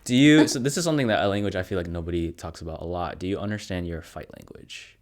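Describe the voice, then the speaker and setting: Man, podcast host, very low voice, relaxed casual chat, lots of fillers. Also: fast. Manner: relaxed, chatty, laughs often, many fillers.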